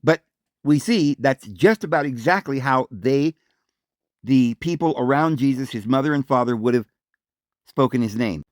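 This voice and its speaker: Male host for a religious monologue: emphatic, insistent, dry close sound. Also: no room sound. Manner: emphatic, insistent, repeats points; acts out voices calling out a name in raised pitch. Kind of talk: solo religious talk monologue.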